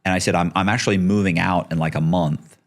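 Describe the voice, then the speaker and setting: Deep-voiced man spinning a casual story. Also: fast talker. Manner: animated, acts out the people he quotes, swears casually. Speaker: podcast guest.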